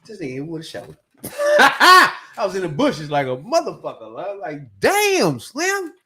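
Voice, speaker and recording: Podcast host, DC man, high lively voice, laughs through his stories, acts out the voices. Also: normal speed. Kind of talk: casual storytelling chat.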